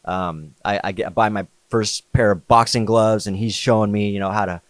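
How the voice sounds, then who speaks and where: A man's voice: on the low side, steady tone, normal speed, no room sound. A man, a podcast guest, telling a story in casual, slangy conversation, often saying "like" and "dude". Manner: laid-back, slangy, says "like" and "dude" often.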